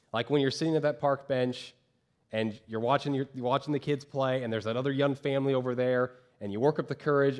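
A man preaching a sermon as pastor from a church stage, lively, acting out the voices of the people he describes. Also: medium pitch. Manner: animated, acts out quoted voices of churchgoers.

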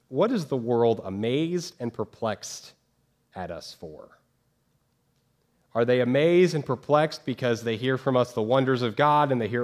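A man preaching in a relaxed, chatty way, with plenty of "you know" and "like." His pitch sits in the middle of the range, and he talks to the congregation as if they were friends. He keeps posing rhetorical questions to the room. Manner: casual, uses many fillers, rhetorical questions to congregation. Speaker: pastor. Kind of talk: conversational sermon.

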